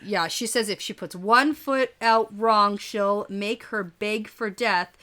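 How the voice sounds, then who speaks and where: A woman co-hosting a podcast, chatting casually about a book with quick bursts of speech and frequent laughs. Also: medium pitch, pushed and bright. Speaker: podcast co-host.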